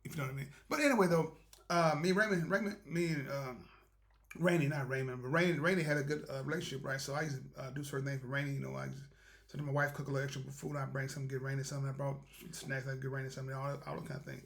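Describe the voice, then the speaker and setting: A man's voice: mid-range voice, fairly even intonation, racing, fairly bright tone. A man hosting a motivational show, telling a rambling, folksy story about doing right and offering spiritual encouragement. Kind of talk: casual storytelling monologue.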